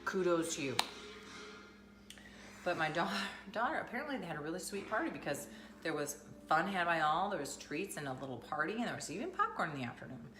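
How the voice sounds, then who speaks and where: A woman's voice: fairly low pitch, big pitch swings, fairly quick. A woman, chatting casually to camera and rambling through everyday stories. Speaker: vlogger. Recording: echoey room with music playing.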